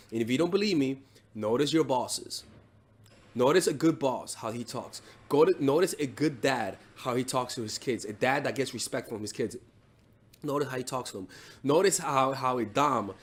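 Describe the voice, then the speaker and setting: Blunt, profane male dating coach. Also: medium pitch. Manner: blunt and profane, with many restarts and "right?" tags. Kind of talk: casual advice monologue.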